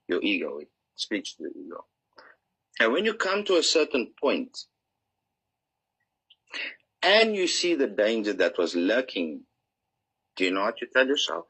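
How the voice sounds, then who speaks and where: A man with a deep, slightly bright voice and a breathy edge speaks at normal speed, very animated, on a low-quality recording. Interviewed as an author, he earnestly explains his ideas like a teacher, acting out examples and inner voices.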